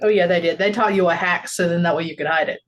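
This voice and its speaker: A woman's voice: lowish voice, quick pace. A woman in her forties co-hosting a podcast, chatting casually in a reflective way and laughing often. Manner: reflective, laughs often, talks about parenting. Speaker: podcast co-host. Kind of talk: casual chat.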